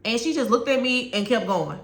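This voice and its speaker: A woman's voice: fairly high pitch, lively intonation, fairly quick, reverberant. A woman, a former teacher, giving conversational classroom advice to other teachers, telling stories and repeating key points for emphasis.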